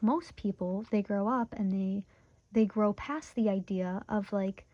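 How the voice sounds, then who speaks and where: A young woman reading tarot cards in a relaxed, chatty way, leaning on fillers as she shares her feelings. Her voice is warm and mellow. The recording is dry and a little dull. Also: mid-range voice, measured pace, no room sound. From Michigan, USA. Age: 20s. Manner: chatty, heavy use of "like" fillers; emotionally open, talks through her feelings. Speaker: tarot reader. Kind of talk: casual pick-a-card tarot reading.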